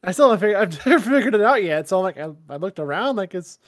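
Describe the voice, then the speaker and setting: A man co-hosting a podcast in casual chat, excitable, swearing and laughing as he talks. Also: sits high, fast talker, no echo, clean studio sound. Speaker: podcast co-host.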